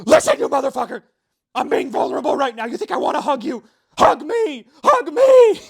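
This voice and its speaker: A man voicing an enraged man at an addicts' support meeting who shouts and strains as he demands a hug. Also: very high voice, big pitch swings, fairly quick, vocal fry, voice pushed up, exaggerated voice. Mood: furious. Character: furious man at a support group, demanding hugs.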